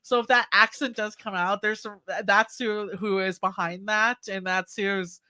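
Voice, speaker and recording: A woman's voice: medium pitch, steady tone, moderate pace, bright, forceful tone. A woman telling industry stories in a casual podcast chat, with many fillers and restarts. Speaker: guest co-host.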